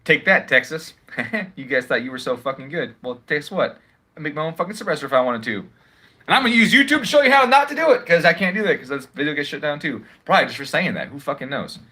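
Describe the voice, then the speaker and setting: A man's voice: on the high side, lively intonation, fast, bright, forceful tone, slightly rough. Profane, sarcastic man ranting on a livestream. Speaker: live streamer. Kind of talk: casual livestream rant. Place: at home.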